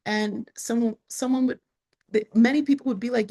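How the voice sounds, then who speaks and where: A woman being interviewed, telling her story in a casual, expressive way with lots of fillers, sometimes close to tears. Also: a little high, normal speed. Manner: expressive, frequent "like" fillers, rises sharply when excited. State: emotional, near tears at times. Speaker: entrepreneur guest.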